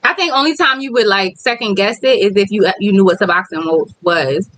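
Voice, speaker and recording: A woman's voice: mid-range voice, a little fast, fairly bright tone, low-quality recording. A woman vlogger with kids, talking candidly on a casual livestream and reading viewer comments aloud. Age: adult with kids.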